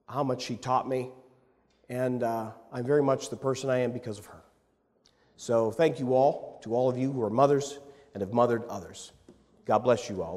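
A man preaching a sermon, telling a personal story with lively, repeated restarts, then leading a prayer. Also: medium pitch. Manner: animated storyteller who repeats words as he starts phrases. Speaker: pastor. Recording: long hall reverb.

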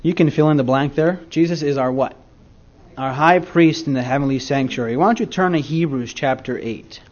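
A man's voice: a little high, moderate pace. A male pastor delivers a sermon in a folksy storytelling manner, often turning to speak straight to his congregation. His voice sits a little above the usual male range. The recording is somewhat dull and lo-fi.

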